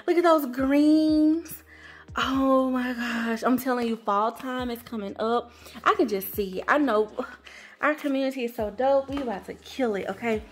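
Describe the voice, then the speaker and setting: Gushing high-voiced woman unboxing. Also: moderate pace. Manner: gushing, repeats words, says y'all a lot. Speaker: planner vlogger. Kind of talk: excited unboxing chat.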